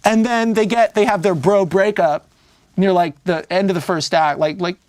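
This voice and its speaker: A man, a screenwriter, talking casually in an interview and acting out scenes as he pitches a film. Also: dry recording. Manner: animated storyteller who acts out scenes; speaks in fast bursts with many "like" fillers.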